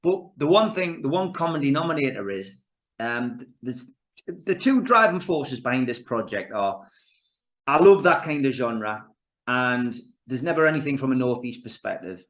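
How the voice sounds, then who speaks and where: A middle-aged man chats as a podcast guest, spinning stories with lots of stops and restarts. His voice sits at a middle pitch for a man. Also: normal speed. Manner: animated storyteller with many restarts and fillers. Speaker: guest, actor and filmmaker. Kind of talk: casual interview chat.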